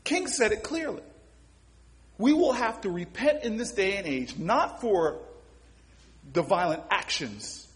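A man giving an impassioned motivational speech, telling stories and repeating words as he builds. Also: sits high. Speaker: public speaker.

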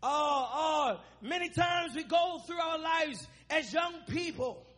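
A young man from Africa preaching a sermon to young people, impassioned and breaking into shouts. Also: extremely high pitch, slow. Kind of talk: sermon with spoken-word poem.

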